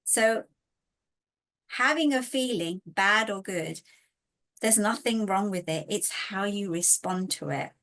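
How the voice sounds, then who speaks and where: A woman speaking as a webinar panelist over a video call, earnest and animated, acting out her own inner voice. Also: medium pitch, slow pace. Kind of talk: reflective webinar talk.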